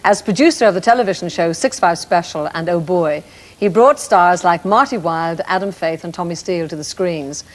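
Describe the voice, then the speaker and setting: Woman, Northern Irish accent, 50s, chat show host, lowish voice, bubbly. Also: moderate pace. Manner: warm, bubbly, laughs easily. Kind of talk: television chat show hosting.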